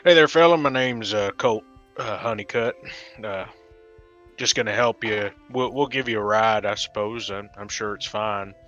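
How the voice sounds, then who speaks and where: A man's voice: lowish voice, steady tone, a little slow, a bit bright. A man voicing an easygoing male adventurer with a friendly, hesitant, folksy manner. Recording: dull lo-fi with faint music.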